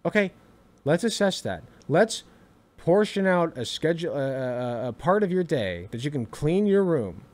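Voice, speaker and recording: A man's voice: on the high side, big pitch swings, moderate pace. A young man giving casual reaction commentary, exasperated, swearing freely and repeating himself for emphasis.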